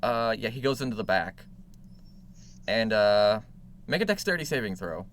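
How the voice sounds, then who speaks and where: A man's voice: on the low side, big pitch swings, moderate pace, fairly bright tone. A man narrating as game master of a tabletop game, playful and teasing with his player.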